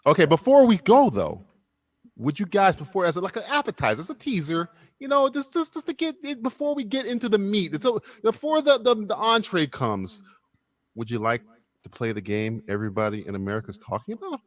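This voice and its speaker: A man's voice: sits high, sing-song, fairly quick. A man hosting a casual livestream talk show, running a quiz game with rowdy joking, frequent swearing and stammered restarts. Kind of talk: casual profane livestream banter.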